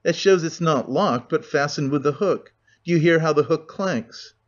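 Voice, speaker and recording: A man's voice: fairly high pitch, moderate pace, natural voice. A man voicing a cheerful young man with a ringing voice, on a dull lo-fi recording. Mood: eager.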